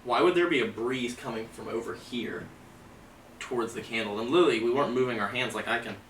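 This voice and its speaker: A man investigating a haunted object in his own old house, speaking emphatically with halting restarts. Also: medium pitch, fairly bright tone. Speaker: paranormal investigator. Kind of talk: live investigation chat. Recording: roomy, distant, faint background noise.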